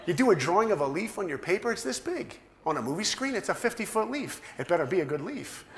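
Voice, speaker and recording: Male speaker, lively storytelling, roomy hall sound. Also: fast. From New York. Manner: animated, acts out dialogue with big pitch swings. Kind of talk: storytelling talk to an audience. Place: large hall.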